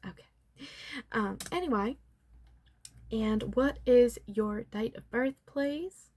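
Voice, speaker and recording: A woman's voice: on the high side, slow. A woman in a whispered role-play as a chatty salon makeup artist, putting on a Southern US accent and calling the listener honey and darling. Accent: put-on Southern US. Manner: drifts between whisper and soft voice. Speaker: ASMR artist as makeup and magic salon worker.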